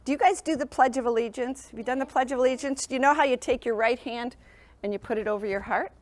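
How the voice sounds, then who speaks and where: A woman's voice: on the high side, fast. Upbeat woman coaching a young class. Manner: encouraging, sing-song teacher talk with frequent check-ins. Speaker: sleep program presenter. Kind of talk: classroom presentation to young children. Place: school classroom.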